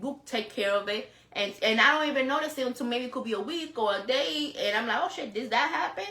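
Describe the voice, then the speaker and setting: A woman's voice: a little high, fast talker, pushed and bright, reverberant. A woman co-hosting a casual chat, blunt and profane, laughing often. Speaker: co-host.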